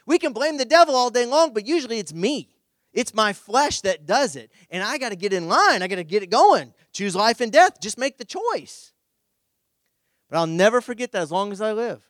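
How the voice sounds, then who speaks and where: A middle-aged male pastor with a high voice for a man, preaching in a relaxed, conversational way. He tells humorous stories with lively energy. The sound is close and dry, with no room echo. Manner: animated, humorous storytelling. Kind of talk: conversational sermon with personal story.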